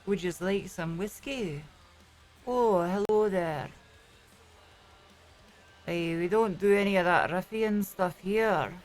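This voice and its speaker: A genteel, posh Edinburgh gentleman, put on by a woman in a streamed roleplay game. He speaks softly and slowly with a refined Scottish accent. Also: mid-range voice, soft background music, close to an everyday voice. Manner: soft, slow and refined.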